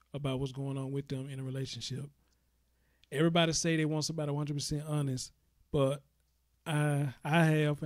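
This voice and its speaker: A man's voice: a little high, a little mellow, dry recording, studio quality. A man hosting a casual talk show, giving frank opinions in a preachy, conversational way. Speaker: host.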